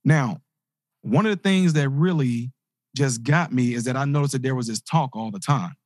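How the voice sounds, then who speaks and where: A man, a motivational speaker, telling a personal story in an animated way and acting out the voices of the people in it. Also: mid-range voice, moderate pace, no echo, studio quality. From grew up in inner-city projects. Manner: animated, acts out quoted voices. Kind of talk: storytelling talk.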